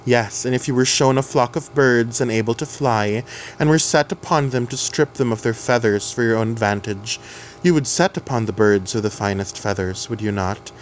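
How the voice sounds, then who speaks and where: A man voicing a cold, composed French woman who knits constantly and speaks with quiet menace. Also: mid-range voice, normal speed, slight background noise, close to an everyday voice, low-quality recording.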